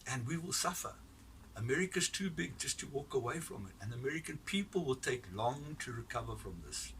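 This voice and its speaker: A man's voice: medium pitch, lively intonation, brisk, fairly bright tone, far from the mic. A man giving a blunt, profane, rambling opinion rant, recorded from off the mic with faint noise behind him. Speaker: commentator giving his opinion.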